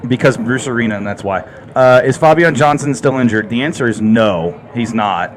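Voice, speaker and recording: A man's voice: medium pitch, moderate pace. A man co-hosting a casual sports chat, blunt and sarcastic. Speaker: podcast co-host.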